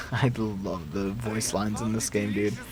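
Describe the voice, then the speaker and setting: A man's voice: on the low side, fairly even intonation, slow pace. A young man in casual let's-play commentary, chatty and rambling with fillers and laughs. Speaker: gaming YouTuber.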